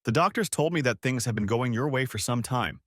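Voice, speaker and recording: A man's voice: medium pitch, animated, fairly quick, a bit bright, no echo, clean studio sound. A man voicing a polite, formal middle-aged male police inspector.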